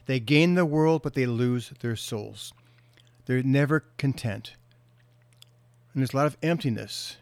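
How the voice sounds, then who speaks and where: A middle-aged man, a counselor, giving an earnest motivational talk and slowing down to stress key words. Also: medium pitch, darkish tone, dry recording. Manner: earnest storytelling, slows for emphasis.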